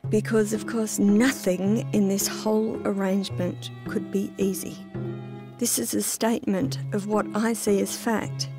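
A woman's voice: medium pitch, flat delivery, unhurried, music in the background. A middle-aged woman narrating her own memoir in a reflective, intimate first-person telling.

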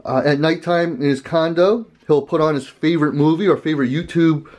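A man's voice: a little high, a little fast, a little mellow. A man hosting a casual gun vlog, talking to camera in a rambling, conversational way and chuckling often. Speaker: gun channel host.

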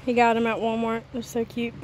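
A woman chatting casually to camera at home, rambling with soft laughs, a bit out of breath. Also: a little high, completely flat delivery, brisk, a little hiss or hum. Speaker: vlogger. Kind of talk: casual home vlog chat. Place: home, indoors and outdoors.

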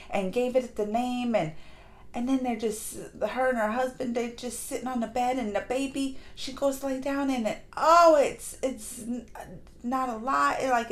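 A woman reviewing a movie in a casual vlog, gushing and excitable, with lots of fillers and restarts. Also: high-pitched. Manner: acts out lines in quick put-on voices. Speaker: movie reaction vlogger. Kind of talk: casual chat.

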